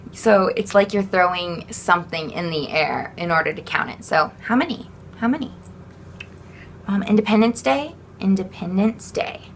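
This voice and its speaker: A young woman walks through sign vocabulary in a relaxed, slow way, full of ums and little laughs. Her voice has a gravelly, fry-heavy edge. Faint background hiss is heard, as from a home camera mic. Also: mid-range voice. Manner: chatty, slow, with frequent fillers and small laughs. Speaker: sign language vocabulary teacher. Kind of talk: casual vocabulary walkthrough.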